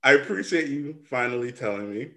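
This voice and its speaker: A man's voice: mid-range voice, lively intonation, fairly quick, sharp tone. A young man co-hosting a podcast, laughing and teasing his friend with questions in casual slang. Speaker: podcast co-host. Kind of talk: casual crude chat.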